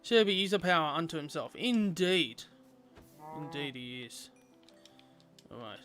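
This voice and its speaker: A man's voice: fairly high pitch, lively intonation, unhurried, fairly bright tone, faint music behind. A young man chatting playfully with viewers while streaming a game. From Australia. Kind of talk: casual gameplay livestream chat.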